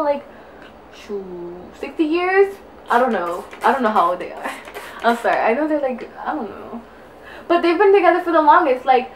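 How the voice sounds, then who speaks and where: A woman's voice: high voice, fairly bright tone. A young adult woman chatting casually at home while getting ready, earnest and rambling, with lots of "like". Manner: earnest, rambling, heavy use of "like". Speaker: beauty vlogger. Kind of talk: casual get-ready-with-me chat.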